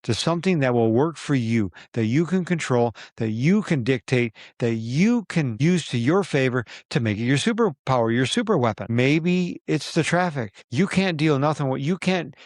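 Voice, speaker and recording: A man's voice: medium pitch, lively intonation, moderate pace, few pauses, no echo, clean studio sound. A man hosting a podcast, giving an emphatic motivational talk in a coaching tone, repeating his points for weight. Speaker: podcast host.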